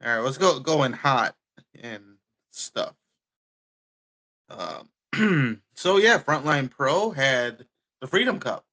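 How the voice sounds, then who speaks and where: A man's voice: medium pitch, lively intonation, slow, long pauses, sharp tone. A man co-hosting a podcast in casual, joking chat. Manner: joking, chewing on a candy while talking. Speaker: podcast co-host.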